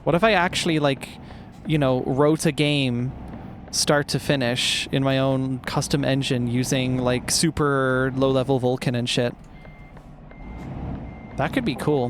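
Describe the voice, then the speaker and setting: A man's voice: medium pitch, steady tone, a little slow. A man chatting casually while he streams a game, thinking aloud and swearing now and then. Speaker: livestreamer. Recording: loud truck and traffic game noise.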